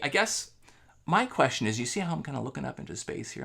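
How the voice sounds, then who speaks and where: A man's voice: medium pitch, quick pace, creaky. A man coaching on sales, talking casually and energetically to camera, with lots of fillers. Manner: energetic, conversational, many fillers.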